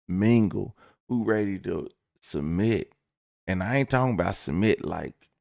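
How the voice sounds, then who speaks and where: A man with a deep, heavily gravelly voice, recorded dry and close with no room sound. He rambles through a casual storytime rant, swearing and joking as he acts out little bits of dialogue. His delivery is loose and conversational. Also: darkish tone, no echo. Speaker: vlogger.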